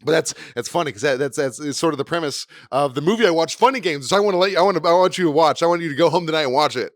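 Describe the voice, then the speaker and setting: A young man chatting on a podcast at a quick clip, voice pitched a little high. He rambles, restarts his sentences and swears freely, sounding close and dry on the mic. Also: lively intonation, no echo. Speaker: podcast co-host. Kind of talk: casual chat.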